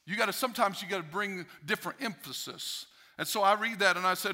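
A man's voice: high-pitched, fast, few pauses, sharp tone. A male pastor preaching a sermon emphatically, repeating key phrases for effect.

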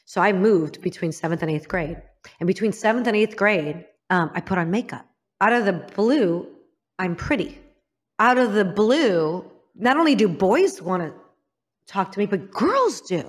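A woman's voice: mid-range voice, lively intonation, moderate pace, slightly rough. Frank woman telling a painful story. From Illinois, United States. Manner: frank and emphatic, drops to a hushed voice for painful memories. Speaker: interview guest. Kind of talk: candid personal storytelling.

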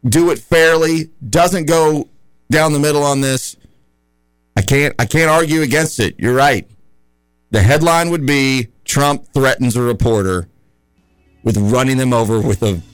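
A man's voice: mid-range voice, no echo. A man hosting a radio talk show, talking in an opinionated, conversational and rambling way in a studio.

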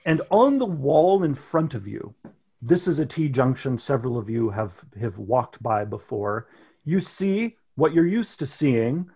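A man narrating a tabletop game as game master, setting scenes slowly and deliberately. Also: mid-range voice, very animated, warm tone, breathy edge.

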